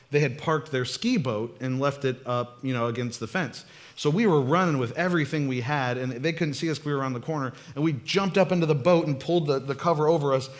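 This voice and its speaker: A young adult man, a pastor, giving a casual, storytelling sermon in church, joking and laughing often as he talks to the congregation. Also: mid-range voice. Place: church sanctuary.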